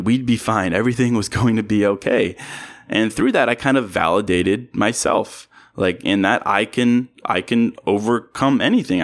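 A man's voice: lowish voice, fairly bright tone. A young man giving a casual motivational monologue, candid and self-deprecating, laughing often and restarting his sentences.

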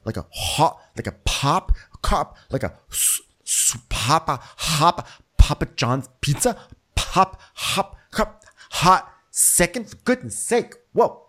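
A man's voice: on the high side, very animated, slow, a bit bright, pitched above the performer's own voice, heavily acted. A man voicing a scattered, flustered older woman socialite who keeps repeating herself. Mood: rambling.

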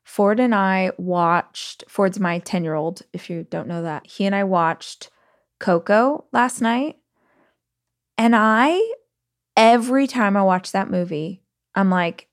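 Female podcast host, 30s-40s, mid pitch, candid conversational storyteller. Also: slow pace. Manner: chatty, candid, animated storytelling with big pitch swings. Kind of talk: casual solo podcast talk.

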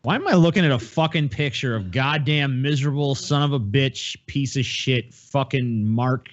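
A man's voice: mid-range voice, moderate pace. A male podcast host in casual chat, brash and profane, egging the others on, on dull lo-fi audio.

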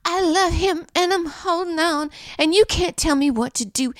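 A woman's voice: very high voice, normal speed, no room sound, studio quality, voice pushed up. A woman putting on a whiny, clingy young woman. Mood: whiny defiant. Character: stubborn young woman clinging to a loser boyfriend.

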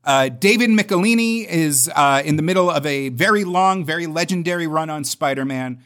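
A man co-hosting a casual comics podcast, telling stories with jokes and quick put-on voices. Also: on the high side. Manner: joking, animated storytelling with quoted voices. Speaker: podcast co-host.

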